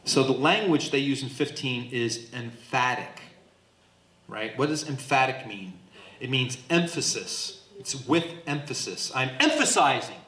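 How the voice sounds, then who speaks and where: A man leading a Bible study as pastor, teaching in an animated way and acting out the voices in the text to his group. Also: mid-range voice, measured pace. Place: church hall with a small group. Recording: echoey room.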